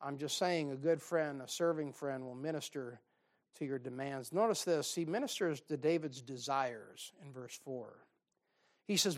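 Guy preaching, high voice, chatty and folksy, tosses in jokes. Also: expressive. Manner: folksy, conversational preaching with quick asides. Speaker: pastor. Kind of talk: sermon.

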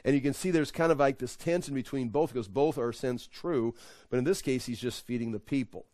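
A man teaching a Bible study in a conversational way, acting out the people in the story with lively voices. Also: mid-range voice, quick pace, no room sound. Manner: conversational, acts out quotes with animated voices.

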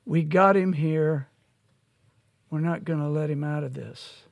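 A male pastor preaching an expository sermon, slow and emphatic, rising to loud peaks on key words. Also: a little high, steady tone, vocal fry, no echo.

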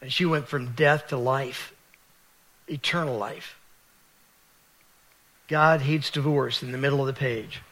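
A man's voice: mid-range voice, fairly even intonation, measured pace, long pauses, a bit bright. A man from West Virginia telling his personal faith testimony in an earnest, confessional storytelling manner. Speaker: speaker sharing his testimony.

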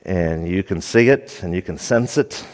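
A man's voice: low-pitched, animated, measured pace, darkish tone, in a large hall. A man preaching a sermon as pastor, emphatic and repeating his key lines for stress.

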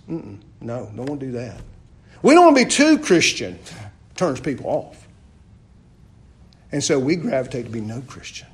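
A man preaching a sermon, asking rhetorical questions and often dropping suddenly to a quiet voice. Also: mid-range voice. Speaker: pastor.

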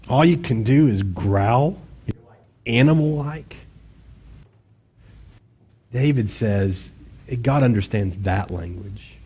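Male pastor, husky tone, casual sermon delivery that swings between quiet reflection and punchy emphasis. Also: mid-range voice. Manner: conversational, self-deprecating preaching with sudden bursts of intensity.

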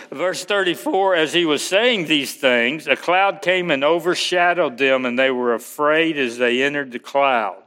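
A male pastor preaching a sermon, slow and emphatic, quoting scripture aloud. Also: fairly high pitch, bright, forceful tone, in a large hall.

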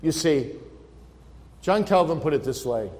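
A man preaching a sermon as pastor, earnest, slowing and swelling when he quotes scripture. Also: on the high side, expressive, darkish tone. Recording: long reverb of a large hall.

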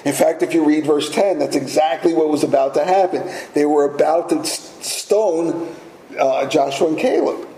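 A man's voice: fairly high pitch, moderate pace, warm tone. A man preaching a sermon as pastor, emphatic and fond of rhetorical questions. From United States. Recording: roomy echo, faint ambience.

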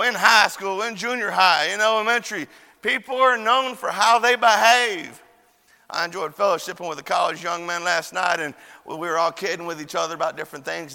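Animated preacher, high bright voice. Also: male voice, vocal fry, big-room sound. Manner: folksy, animated, shouts at high points. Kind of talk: sermon with storytelling. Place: church chapel.

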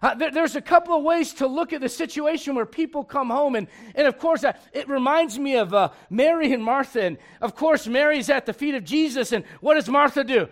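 A middle-aged male pastor preaching a sermon in a humorous, conversational way, swinging from loud bursts to hushed lines. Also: very high-pitched, a little fast.

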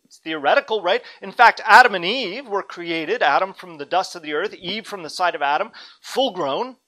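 A man's voice: sits high, moderate pace, pushed and bright, rough recording. A man in his thirties preaching a sermon as a pastor, earnest and dynamic, with friendly asides to his congregation.

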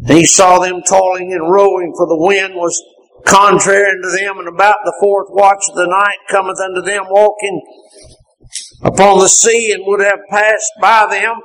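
A man preaching a fervent sermon, repeatedly rising into impassioned shouts. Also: sits high, little pitch movement, moderate pace, rough recording.

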